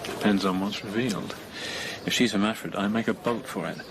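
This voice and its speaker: A man's voice: lowish voice, a little fast, natural voice. An actor in his thirties playing a sardonic husband with a dry, mocking humour in a radio drama. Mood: joking. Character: wry, sardonic English husband on holiday. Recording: radio broadcast with hiss.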